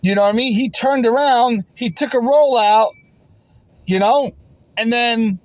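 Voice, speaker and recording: A man's voice: extremely high pitch, measured pace, long pauses, no echo, poor audio. A man telling a story to camera in an aggrieved, insistent way, repeating himself and stumbling over restarts. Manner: frequent stammered restarts. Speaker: vending route operator.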